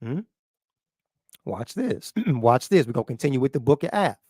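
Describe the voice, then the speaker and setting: In a clean studio with no echo, a man preaches in sermon style, reading passages aloud and explaining them. His mid-range voice moves at a moderate pace with big pitch swings, shifting between loud and quiet as he repeats phrases and keeps asking "what?" and "huh?"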